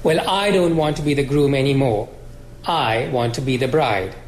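A man reading aloud and voicing a bossy, defiant plump girl cousin with a shrill, demanding tone. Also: moderate pace, roomy sound, slight background noise, close to an everyday voice.

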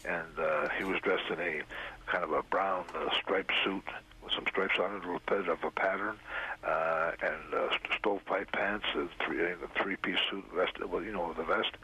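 An older man, a raspy-voiced interview guest, tells a long story in a halting way, full of "uh" fillers, on a dull lo-fi recording. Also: sits low, fairly even intonation, sharp tone. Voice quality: gravelly, raspy. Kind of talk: rambling storytelling. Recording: dull lo-fi radio sound.

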